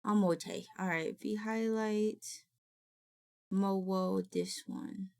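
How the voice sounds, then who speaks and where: A woman's voice: medium pitch, steady tone, slow, gravelly, a little mellow. A woman streamer in casual live-stream chat, rambling and greeting her viewers by name. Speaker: VTuber streamer.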